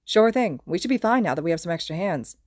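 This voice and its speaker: A woman voicing a friendly male teammate giving quick updates in a fan podfic. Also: on the low side, animated, darkish tone, no room sound, clean studio sound. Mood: upbeat. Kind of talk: podfic character reading.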